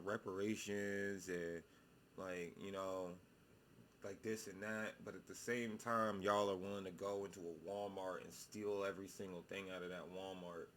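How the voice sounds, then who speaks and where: Low-voiced young man with a drawl. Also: a bit bright, a little hiss or hum. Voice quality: slow stoned-sounding drawl. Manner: rambling, blunt. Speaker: reaction video host. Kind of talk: casual profane commentary.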